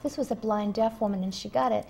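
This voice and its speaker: A woman working as a spiritual medium who talks earnestly in an interview, telling stories with emphatic pauses. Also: medium pitch, steady tone, creaky, darkish tone, slightly rough. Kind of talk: interview conversation.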